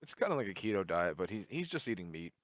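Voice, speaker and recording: A man's voice: low-pitched, sing-song, fast, dry recording. A man co-hosting a podcast in laid-back casual chat, joking and swearing casually. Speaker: podcast co-host.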